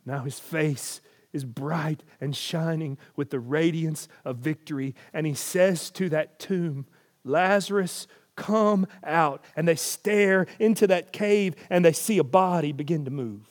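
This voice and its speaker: A man preaching a sermon, telling the story dramatically and swinging from hushed lines to booming ones. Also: slow pace.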